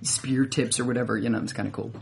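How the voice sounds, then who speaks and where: Woman, American, low voice, co-host, playful, laughs a lot, casual show chat. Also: steady tone, fast, creaky, darkish tone, a little hiss or hum. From United States. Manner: playful, lots of laughter and mm-hmms.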